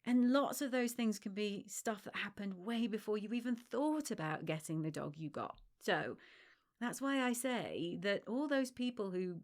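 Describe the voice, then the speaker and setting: A woman's voice: medium pitch, expressive, normal speed. A woman hosting a solo podcast as a dog trainer, talking emphatically and reassuringly straight to the listener. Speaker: dog separation-anxiety trainer and podcast host.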